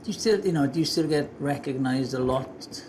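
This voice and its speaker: A man's voice: medium pitch, fairly quick, background noise. A man interviewing an actor, chatty and teasing with eager questions. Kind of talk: casual interview chat.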